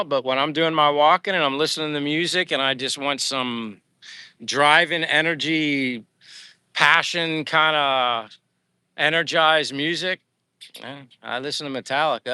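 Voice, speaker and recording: A man's voice: fairly high pitch, moderate pace, bright, forceful tone, clean tone, no room sound. An older man from Pennsylvania, livestreaming outdoors in the heat, chatting casually and rambling with lots of fillers as he reads out viewer comments. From Pennsylvania, USA. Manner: rambling, friendly, frequent fillers and restarts. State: sweating in the heat. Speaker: livestream vlogger reading chat. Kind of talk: casual live chat while walking. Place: outdoors under trees in the heat.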